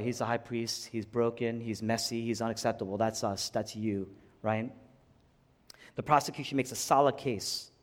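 A man preaching a sermon, swinging from hushed low passages to loud, rising climaxes. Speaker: pastor. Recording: long hall reverb.

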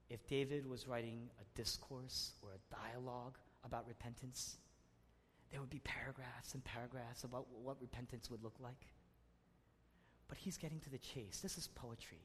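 A man preaching a sermon, swinging between loud emphatic passages and hushed, intimate ones. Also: on the high side. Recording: long hall reverb.

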